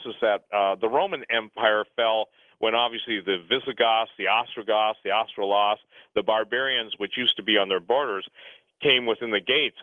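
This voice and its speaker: A man's voice: lowish voice, dry recording. A man talking at length as a guest on talk radio, rambling and urgent, often restarting his sentences. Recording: phone-line radio sound, dry.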